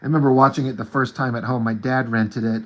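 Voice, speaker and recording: A man's voice: mid-range voice, fairly even intonation, fast talker, a bit bright. A man in his forties hosting his own art channel, chatting casually and with enthusiasm about movies and comics, rambling and saying "like" a lot. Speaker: artist and channel host.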